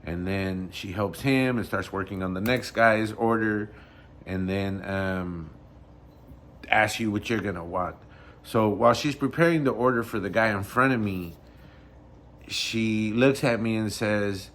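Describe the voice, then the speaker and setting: Animated storytelling man from Mexico. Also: on the low side, unhurried. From Michoacán, Mexico. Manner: animated, conversational, self-correcting. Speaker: vlogger. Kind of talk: casual storytelling.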